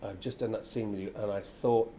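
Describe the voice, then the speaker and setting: An older actor chatting as an interview guest, a lively storyteller who acts out quotes. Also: male voice, fairly low pitch, brisk, a little hiss or hum. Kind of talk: casual interview chat. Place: venue with background chatter.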